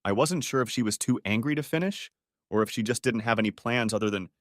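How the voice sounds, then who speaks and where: A man narrating a first-person drama audiobook in a dramatic, expressive way. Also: on the low side, moderate pace, no echo, studio quality.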